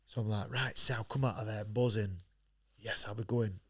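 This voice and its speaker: Blunt northern English man with a low voice. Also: fairly even intonation, normal speed, fairly bright tone, breathy edge. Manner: blunt, swears freely, acts out quoted dialogue. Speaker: guest, professional boxer. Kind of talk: candid storytelling in a podcast interview.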